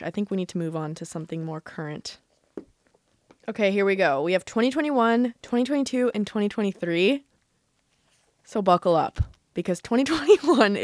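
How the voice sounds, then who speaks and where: A woman's voice: on the low side, a little mellow, no echo, studio quality. A young adult woman vlogging casually, chatty and laughing often, filling her talk with "like" while reading from her old journals.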